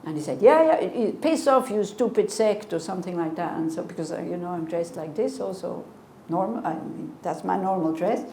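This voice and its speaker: A Buddhist teacher in her sixties gives a conversational dharma talk and answers questions, adding earnest rhetorical asides. Her warm voice is on the low side, with vocal fry and a fairly quick pace, recorded in an echoey room with faint noise.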